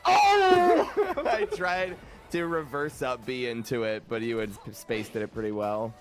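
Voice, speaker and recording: A man streaming a fighting game in casual chat, excitable and laughing, swearing often. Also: medium pitch, normal speed, music in the background.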